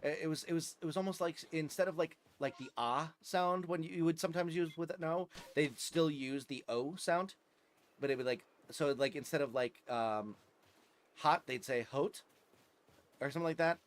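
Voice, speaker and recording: A man's voice: a little high, moderate pace. Rambling New Jersey guy streaming. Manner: rambling, chuckling, many fillers and restarts. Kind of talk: casual live-stream chat while gaming.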